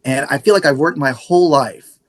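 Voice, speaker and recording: In a casual interview, a middle-aged radio station manager from around San Antonio, Texas, shares stories and acts out the dialogue with lively animation. His voice is slightly high and he speaks a little fast.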